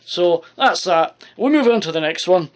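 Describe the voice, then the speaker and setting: A man's voice: high voice, lively intonation, normal speed, a little hiss or hum. A man giving a crude, profane, rambling comic monologue to the camera. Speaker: comedy vlogger.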